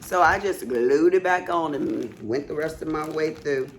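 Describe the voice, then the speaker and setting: A woman's voice: low-pitched, moderate pace, slight background noise. A woman with a cough, chatting to viewers as she shows off a craft haul, exclaiming often. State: has a cough. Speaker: craft vlogger showing a haul. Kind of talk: casual chat.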